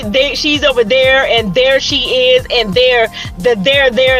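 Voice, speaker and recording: Sassy high-voiced woman storyteller. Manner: animated and sassy, acts out quoted people. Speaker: vlogger. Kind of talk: casual storytelling monologue.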